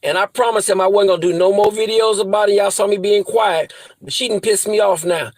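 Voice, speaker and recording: Furious high-voiced man ranting. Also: fairly even intonation, brisk, dry recording, low-quality recording. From US Midwest. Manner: profane, threatening, repeats insults. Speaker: vlogger. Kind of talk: angry rant to camera.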